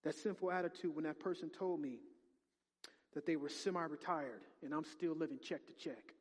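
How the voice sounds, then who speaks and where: A middle-aged male pastor preaching a sermon, swinging from hushed, prayerful murmurs to loud, excited exclamations. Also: a little high, moderate pace, in a large hall.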